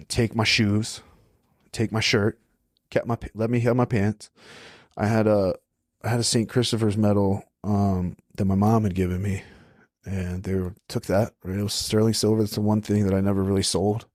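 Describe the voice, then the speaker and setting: A man's voice: on the low side, flat delivery, moderate pace, a little mellow, no room sound, clean studio sound. A young adult man, a podcast guest, telling stories in a laid-back way, often tagging sentences with "right?" and "like". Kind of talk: casual storytelling.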